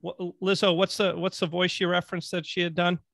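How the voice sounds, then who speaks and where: A man's voice: high voice, flat delivery, fairly quick, creaky, fairly bright tone. Joking man co-hosting a podcast. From Vermont, USA. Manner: joking, teasing. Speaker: podcast co-host. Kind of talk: casual chat.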